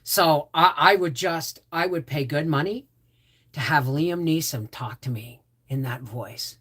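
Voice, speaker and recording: A woman's voice: deep voice, a little slow, fairly bright tone, slightly rough. A woman hosting a casual livestream, rambling with frequent restarts and asides. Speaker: homestead channel host.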